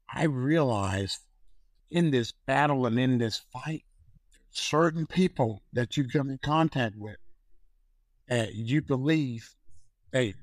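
Older male storyteller, lively, acts out voices, dry close sound. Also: mid-range voice, no room sound, poor audio. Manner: animated storyteller, acts out phone calls in voices. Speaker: guest, activist. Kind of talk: storytelling in a conversation.

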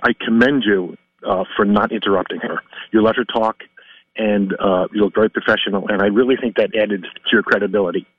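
A man's voice: fairly low pitch, fairly even intonation, a little fast, no room sound. Polite male caller on a dull phone line. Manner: polite, complimentary, orderly. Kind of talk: phone-in call.

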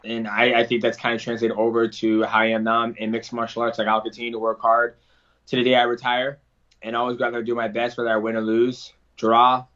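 A man's voice: medium pitch, monotone, a little fast, a bit bright. Earnest man, slightly dull recording. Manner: earnest, rambling with restarts. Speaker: interview guest, fighter. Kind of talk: casual interview answers.

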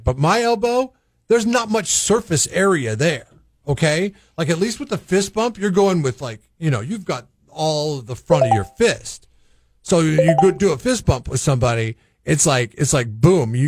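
A man's voice: fairly high pitch, very animated, moderate pace, no echo. A man co-hosting a morning radio show, wryly teasing his partner in casual banter. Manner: wry, teasing, piles on comic complaints. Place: radio studio. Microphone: studio microphone.

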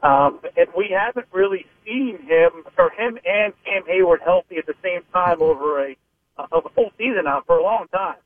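High-voiced man on a phone line. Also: expressive, moderate pace, no room sound. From Pittsburgh. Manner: rambling, hesitant, many restarts. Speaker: sports reporter guest. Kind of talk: phone-in sports radio analysis.

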